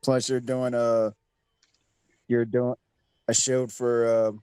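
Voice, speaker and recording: A woman's voice: rumbling low, level tone, takes it slowly, warm tone, no room sound. A woman narrating as game master, blunt and crude, laughing as she talks. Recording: clear background noise.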